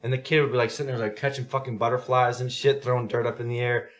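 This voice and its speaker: A man telling coaching stories in a casual, profane podcast chat, animated and swearing often. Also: medium pitch, fast. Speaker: podcast host; youth sports coach.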